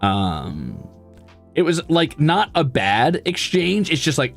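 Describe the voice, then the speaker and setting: A man streamer in casual chat, telling an animated story with plenty of laughs. His pitch swings widely while he acts out the scene. Faint music plays under his voice. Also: takes it slowly, creaky.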